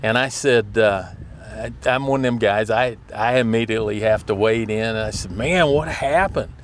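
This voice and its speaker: A man's voice: on the low side, level tone, normal speed, a little hiss or hum. Folksy man telling stories. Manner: rambling, laughs often, folksy. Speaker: storyteller. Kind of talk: casual storytelling.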